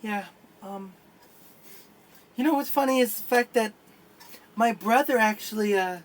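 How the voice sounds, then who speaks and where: A man putting on a shy high-voiced barmaid. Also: unhurried, a little hiss or hum, low-quality recording. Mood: chatty.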